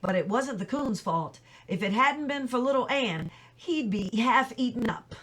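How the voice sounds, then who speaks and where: A woman voicing an excited young farm boy who talks in eager, breathless bursts. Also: a little high, moderate pace. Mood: pleading.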